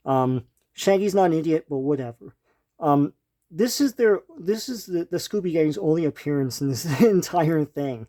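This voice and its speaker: A man's voice: fairly high pitch, animated, moderate pace, warm tone. A man casually retelling a comic book story as a reviewer, rambling with many ums and restarts. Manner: laughs lightly between remarks.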